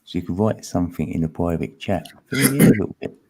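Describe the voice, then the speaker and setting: Deep-voiced man hosting casually. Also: animated, fast talker, darkish tone, husky. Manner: slangy, laughs often. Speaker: live stream host. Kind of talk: casual chat.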